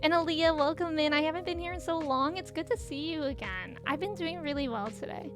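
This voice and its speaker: Woman streamer, high voice, slightly nasal, bubbly and chatty, faint music behind. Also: a little fast. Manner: bubbly, chatty, laughs often. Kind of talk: casual chat while gaming and reading chat.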